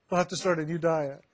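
A man telling a personal spiritual testimony to a group, halting with many fillers and restarts and laughing often. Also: fairly high pitch, husky. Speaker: member sharing with a spiritual group.

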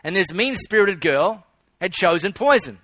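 Animated and moving at a moderate pace, a pastor with a high, bright voice weaves stories into his sermon and stresses key phrases by repeating them. The sound is dry and close-miked, with no echo.

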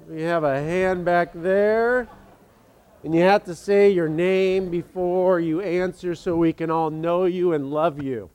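A man's voice: high voice, slow pace, a little mellow, clean tone. A man preaching as pastor to his congregation in a casual, joking way, with many fillers and restarts.

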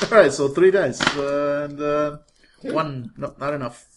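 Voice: mid-range voice, unhurried, noisy background. Laid-back tabletop player. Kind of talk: casual tabletop game chat.

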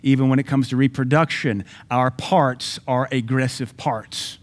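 A man delivers a sermon from the pulpit, his mid-pitched voice pressing each point hard. He swings between loud, insistent declarations and softer, drawn-out asides. It is plain church preaching, forceful and direct. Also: steady tone. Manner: emphatic preaching with sudden loud and soft swings. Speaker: pastor.

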